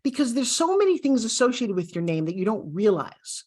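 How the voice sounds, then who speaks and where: A woman's voice: a little high, big pitch swings, fairly quick, a little mellow, breathy edge. A middle-aged woman teaching a video course, speaking in an upbeat coaching style straight to the viewer. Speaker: course instructor.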